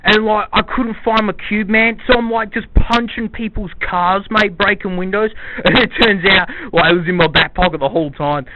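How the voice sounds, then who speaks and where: A man's voice: high-pitched, moderate pace, lightly acted. A man voicing a frantic, hapless young bloke who rambles and says mate constantly. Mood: rambling. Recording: dull lo-fi dry gadget voice memo.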